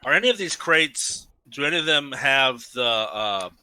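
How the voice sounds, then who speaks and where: A man's voice: mid-range voice, lively intonation, moderate pace, sharp tone, clean tone. A man playing a tabletop game who chats casually and keeps asking questions, both in character and out of it. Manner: chatty and questioning. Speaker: player.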